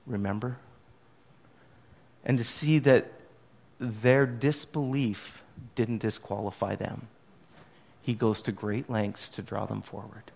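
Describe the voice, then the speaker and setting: A man preaching a sermon to his congregation in an expressive, conversational storytelling manner. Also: fairly low pitch, slow, creaky, breathy edge. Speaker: pastor. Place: church service.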